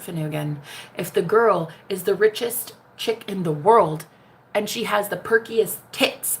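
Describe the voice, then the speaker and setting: A woman's voice: medium pitch, measured pace. An American woman, a spiritual manifestation coach, talking brashly and profanely in a casual livestream.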